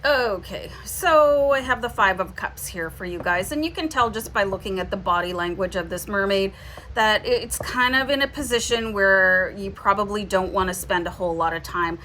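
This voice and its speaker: A woman's voice: medium pitch, normal speed, fairly bright tone, a little hiss or hum. A woman with a Canadian accent giving a casual, reassuring tarot reading, often checking in with "okay?". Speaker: tarot reader.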